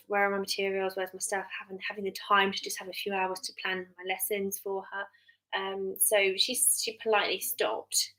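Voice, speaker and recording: English mum on a live stream, thirties, bright tone, rambling and chatty with lots of ums. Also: female voice, medium pitch, poor audio. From England. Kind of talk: casual live-stream chat. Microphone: webcam or phone mic on a live stream.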